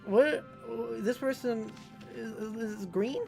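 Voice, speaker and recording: A woman's voice: fairly high pitch, takes it slowly, vocal fry, over music, poor audio. A woman co-hosting a game stream, chatting playfully with her partner and reading out comments from chat. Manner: playful, giggly, reads chat aloud. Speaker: streamer co-host.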